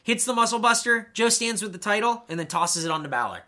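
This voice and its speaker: A man's voice: high voice, lively intonation, fast talker, pushed and bright. A man co-hosting a casual wrestling podcast, sarcastic and swearing, mocking the shows with impressions. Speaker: podcast co-host.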